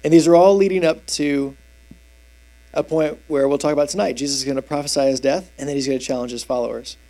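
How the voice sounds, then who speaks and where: High-voiced, chatty male preacher. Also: fast. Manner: animated, conversational, asks the audience questions. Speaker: preacher, youth teacher. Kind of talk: expository sermon.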